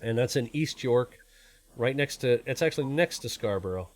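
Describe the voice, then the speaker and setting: A man's voice: medium pitch, animated, moderate pace. A man in his forties, born in Canada and raised in the US, hosting a live stream in a rambling, self-deprecating, casual way. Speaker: stream host.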